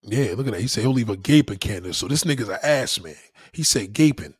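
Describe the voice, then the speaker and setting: A man hosting a casual late-night livestream, reacting loudly to chat with profane, laughing banter. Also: medium pitch, expressive, quick pace, husky, dry recording, studio quality. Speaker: livestream host.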